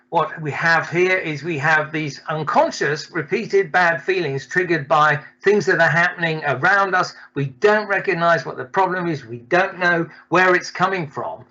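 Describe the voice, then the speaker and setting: A man's voice: on the high side, bright, forceful tone, muffled recording. A man from Scotland, a doctor, hesitantly explaining a mental training method in a webinar. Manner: hesitant, with many restarts. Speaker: doctor presenting. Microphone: video call.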